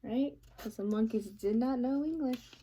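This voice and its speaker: A woman reading a picture book aloud, pausing to ask the listener questions. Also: a little high, warm tone, slightly rough. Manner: asks the listener questions, playful. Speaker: reader.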